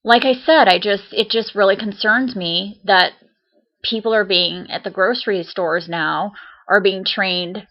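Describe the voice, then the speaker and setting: A woman vlogs a casual rant, chatty and indignant, circling back with fillers and restarts. Her voice has a gravelly, fry-laden edge. The sound is dull and lo-fi, like a basic webcam mic. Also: medium pitch, unhurried. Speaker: vlogger.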